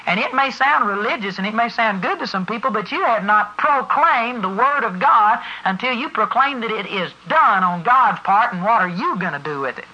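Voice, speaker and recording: A preacher delivers a forceful sermon, pressing each point and spelling words out letter by letter. The voice is bright and sharp-edged. The church recording sounds dull and lo-fi. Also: medium pitch, animated, moderate pace, few pauses. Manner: emphatic, spells words out for stress. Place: church service before a congregation.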